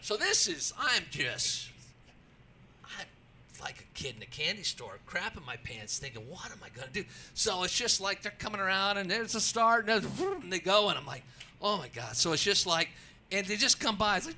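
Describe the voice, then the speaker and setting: Radio guest: male track announcer, punchy bright voice, excitable storyteller, slightly high. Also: moderate pace, a little hiss or hum. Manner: excitable, acts out his own calls, many restarts. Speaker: racetrack announcer, show guest. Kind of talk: animated storytelling in a radio interview.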